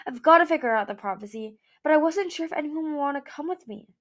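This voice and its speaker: A woman voicing a young female dragon who speaks in a soft, earnest way. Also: high voice, animated, quick pace, pitched above the performer's own voice. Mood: hopeful.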